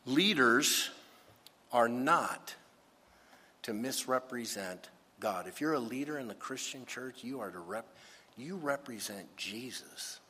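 A man's voice: mid-range voice, animated, slow pace, pushed and bright, slight background noise. A man preaching a sermon as a pastor, emphatic and full of rhetorical questions. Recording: husky voice with long hall reverb.

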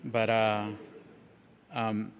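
A middle-aged man with a lowish, monotone, clean-toned voice speaks very slowly, with dull audio and the long reverb of a large hall. He gives a frank, self-mocking personal testimony at church, chatty and restarting often.

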